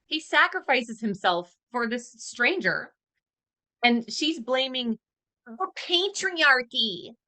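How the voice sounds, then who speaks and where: A woman's voice: high-pitched, animated, takes it slowly, sharp tone. A woman co-hosting a podcast, emphatic and indignant in a casual movie review chat. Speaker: podcast co-host.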